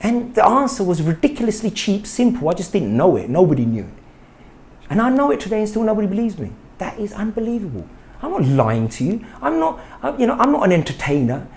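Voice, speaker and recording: A middle-aged man delivers an indignant monologue to camera. His pitch swings widely as he fires off rhetorical questions and repeats points for emphasis. The talk is loose and unscripted, like a vlog rant. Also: big pitch swings, quick pace, darkish tone. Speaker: health vlogger.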